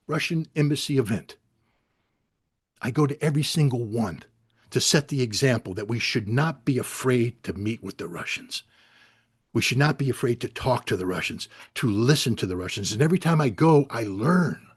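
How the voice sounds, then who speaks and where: A man's voice: medium pitch, expressive, moderate pace, slightly rough, dry recording. Angry, blunt man with dry sound. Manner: angry, blunt and profane, rising to near-shouting. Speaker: guest speaker on a video call. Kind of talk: impassioned speech.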